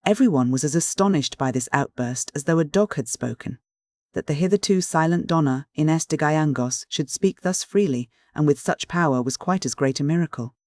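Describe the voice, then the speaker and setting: An audiobook narrator giving a measured, even reading of a classic mystery. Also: medium pitch, no echo, studio quality.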